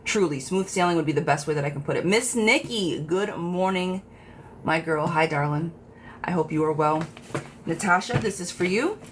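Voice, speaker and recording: A woman's voice: on the low side, moderate pace, slight background noise. A woman hosting a live tarot reading stream, talking casually and affectionately to viewers by name. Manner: chatty, affectionate, talks straight to viewers by name.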